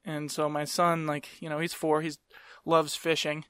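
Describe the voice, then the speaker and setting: A man's voice: on the high side, monotone, moderate pace, a bit bright, smooth, no room sound, clean studio sound. A young man hosting a podcast in casual chat, rambling, laughing often and swearing freely. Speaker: podcast host.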